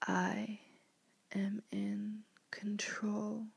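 Whispered role-play: woman, dominant hypnotist, very slow and breathy, steady and flat. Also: mid-range voice, dry recording.

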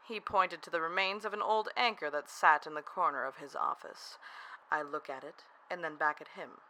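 A narrator telling a first-person erotic audio story in a soft, half-whispered, breathy delivery. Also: mid-range voice, moderate pace, poor audio.

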